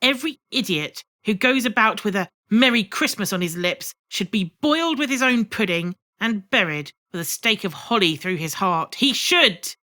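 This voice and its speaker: Woman doing a gruff, scornful old miser. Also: medium pitch, moderate pace, bright, forceful tone, close to an everyday voice. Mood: indignant. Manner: gruff, scoffing, cross.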